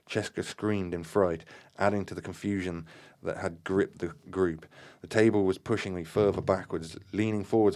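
A man with a very deep voice reads a supernatural story aloud. He stumbles and restarts often, adds casual remarks, and bursts into loud acted-out shouts for the characters. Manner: acts out shouted dialogue, many fillers and restarts. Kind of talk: reading aloud from a book with comments.

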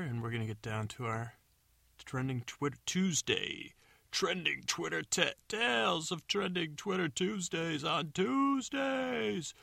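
A man's voice: on the low side, gravelly, bright, forceful tone, dry recording. A man hosting a podcast, telling a meandering bedtime story and correcting himself as he goes. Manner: meandering, self-correcting, unsure asides. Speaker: podcast host. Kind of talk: rambling bedtime story narration.

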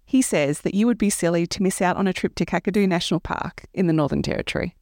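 A woman, the host of a podcast, reading scripted narration clearly and steadily. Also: lowish voice, fast talker, a little mellow, dry recording, clean studio sound.

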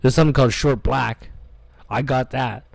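A man's voice: medium pitch, fairly even intonation, normal speed, vocal fry, no echo. Rambling, swearing podcast guy. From Canada. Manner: rambling, profane, acts out quoted voices. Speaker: podcast co-host. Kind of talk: casual storytelling chat.

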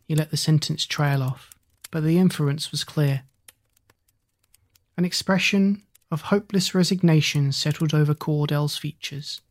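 A man reading a hard-boiled crime story aloud in a measured storytelling voice. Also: a little high, steady tone, darkish tone. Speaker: narrator. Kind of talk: audiobook narration.

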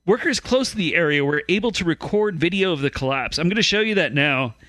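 A man's voice: a little high, lively intonation, quick pace, sharp tone, no room sound. A man hosting a comedy news podcast, reading a story aloud and prompting his co-hosts. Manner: reads stories, then prompts co-hosts. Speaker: podcast host presenting news.

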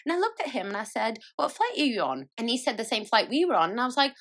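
A young woman, hosting a podcast and telling travel stories in a chatty, animated way, laughing and swearing freely. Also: on the high side, quick pace. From France. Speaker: podcast host. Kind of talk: casual chat.

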